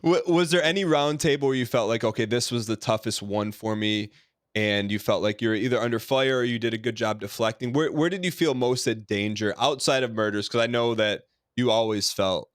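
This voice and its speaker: A man's voice: mid-range voice, brisk, no room sound, studio quality. A man hosting a podcast, asking long rambling questions full of restarts and fillers. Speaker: podcast host. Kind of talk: casual interview talk.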